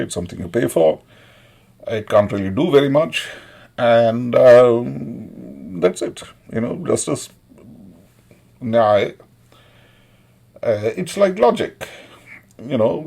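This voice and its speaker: A man in a sardonic, halting monologue, full of fillers and mocking asides. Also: mid-range voice, creaky, a little mellow, slightly rough. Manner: sardonic, mocking, mimics others in Hindi. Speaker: commentator. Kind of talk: casual monologue.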